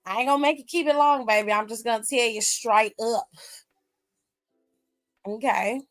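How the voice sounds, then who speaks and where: A woman's voice: fairly high pitch, quick pace, faint music behind. A woman hosting a wrestling aftershow, recapping matches in a blunt, sassy, casual way full of slang.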